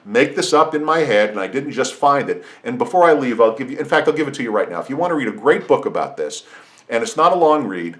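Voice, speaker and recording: A man's voice: medium pitch, animated, fast, a bit bright. A middle-aged man hosting a podcast, talking through an opinionated monologue with frequent restarts and asides. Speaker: podcast host. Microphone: podcast microphone.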